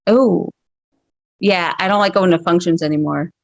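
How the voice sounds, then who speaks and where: This woman in her thirties, a stand-up comic, rants bluntly and with exasperation over a video call, swearing all the time and leaning on fillers in every line. Her lowish, gravelly voice moves at a moderate pace, and the recording has no room sound and cut-off highs.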